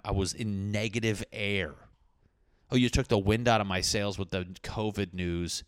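A man's voice: on the low side, a bit bright, clean tone, no echo, clean studio sound. A young man telling a rambling, profane, jokey story to his viewers. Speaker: vlogger. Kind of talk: casual storytelling to camera.

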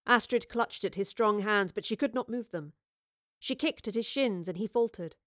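A woman narrating an audiobook in a measured, even storytelling manner. Her voice sits in a middle pitch for a woman and sounds close and dry, with no room around it. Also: no echo. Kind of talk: scripted narration.

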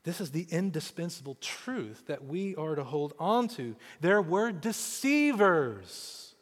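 A man from Kansas in his forties, a pastor preaching a sermon in an animated way, often repeating words as he starts a thought. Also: fairly high pitch, normal speed, big-room sound. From Kansas, USA.

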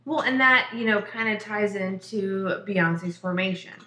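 A woman's voice: medium pitch, unhurried, bright, forceful tone, slight background noise. Blunt, profane woman in an echoey room. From Mexico. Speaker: podcast co-host. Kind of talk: casual chat.

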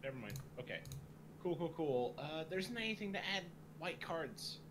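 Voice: medium pitch, big pitch swings, normal speed, background noise. A speaker running an online party card game, rambling animatedly and laughing with friends. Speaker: game organizer. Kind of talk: casual chat over a party card game.

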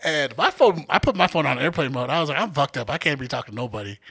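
A man in his twenties chatting on a podcast. His voice is gravelly and bright, sitting somewhat high. He tells a story animatedly and jumps into acted-out quotes. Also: expressive, fast talker. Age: 20s. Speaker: podcast co-host. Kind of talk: casual podcast chat.

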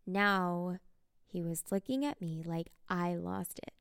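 A woman narrating a dark first-person story in a cold, menacing, profane way. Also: lowish voice, takes it slowly, gravelly, smooth, no echo, clean studio sound.

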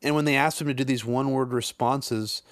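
A man's voice: mid-range voice, steady tone, fairly quick, no echo. Slangy exasperated man, dry sound. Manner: slangy, exasperated, swears freely. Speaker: podcast co-host. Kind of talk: casual political chat.

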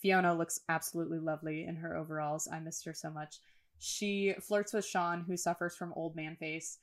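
A woman's voice: low voice, fairly even intonation, normal speed. A woman co-hosting a casual podcast, recapping episodes in long run-on stretches and swearing casually. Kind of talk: casual chat.

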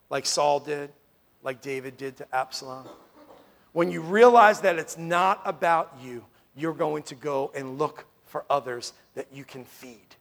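Preaching a sermon, a pastor from New York moves from booming proclamations to quiet moments, frequently checking in with "Amen?" His creaky voice sits on the high side.

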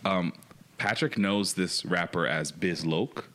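Deep-voiced Toronto man hosting a podcast. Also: slow pace, fairly bright tone. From Canada. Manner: laughing, teasing, fillers. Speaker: podcast host. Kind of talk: casual chat.

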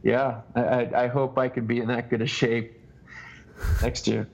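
A man being interviewed as an ultrarunner guest, telling a long story in halting bursts that keep restarting. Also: medium pitch, flat delivery, gravelly, lo-fi sound. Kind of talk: casual podcast interview.

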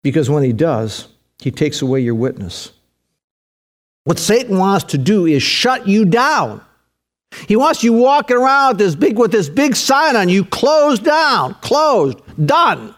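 A man's voice: sits high, very animated, normal speed. A middle-aged man preaching a sermon with emphatic delivery, repeating key phrases for weight. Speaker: pastor.

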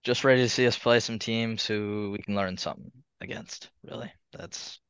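A podcast co-host rambles through a casual sports conversation, laughing between points. His fairly low, slightly bright voice is clear and resonant with even intonation and normal pace, and there's no room sound, though the lo-fi audio is slightly muffled.

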